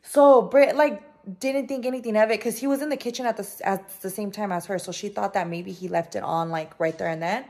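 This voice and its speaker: A young woman vlogging in her home kitchen, telling a story in an animated, casual way with lots of swearing and "like". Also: medium pitch, brisk. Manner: animated, swears freely, heavy use of "like".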